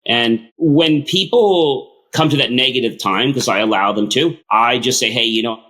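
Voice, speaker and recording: A man's voice: mid-range voice, moderate pace. A middle-aged man telling stories in casual conversation, acting out both sides of the exchanges he recounts. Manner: animated, acts out both sides of quoted conversations. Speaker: podcast guest. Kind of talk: casual storytelling.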